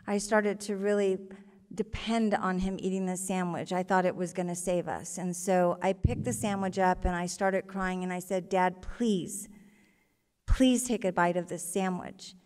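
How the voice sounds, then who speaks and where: A woman telling her own story live on stage before an audience, earnest and halting, with emotion in her voice. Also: mid-range voice, a little mellow, long reverb tail.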